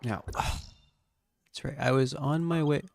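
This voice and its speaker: A man streaming a game late at night, talking to himself in a relaxed, muttering way and sounding sleepy. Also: medium pitch, takes it slowly, gravelly, slight background noise. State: sleepy, yawning. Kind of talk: casual gameplay commentary.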